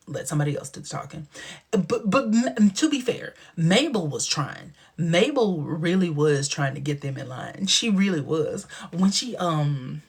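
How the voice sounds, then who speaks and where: A man's voice: a little high, moderate pace, vocal fry, slightly rough. A man hosting a casual livestream, gossiping in a sassy way and often dropping into a whisper. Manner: sassy, gossipy retelling with sudden dips into whispers. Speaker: livestream host.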